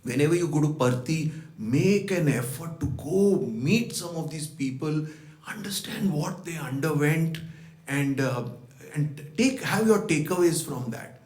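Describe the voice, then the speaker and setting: A man's voice: fairly high pitch, expressive, measured pace, darkish tone. A man with a slightly raised voice tells personal stories to a gathering, voicing the words of the people in them. His reflective talk rings in a roomy hall. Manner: reflective, retells events with quoted dialogue. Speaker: guest speaker at a devotional birthday program. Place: devotional center hall.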